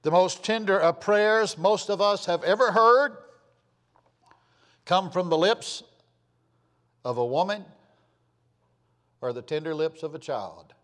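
Earnest preacher in a reverberant hall. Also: male voice, high-pitched, slow pace, pauses often. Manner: earnest, pleading, voice drops softly at phrase ends. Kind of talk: sermon.

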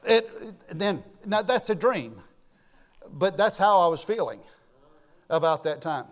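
A pastor, a man, telling a folksy, animated story in a sermon and acting out the people in it. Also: high-pitched, measured pace.

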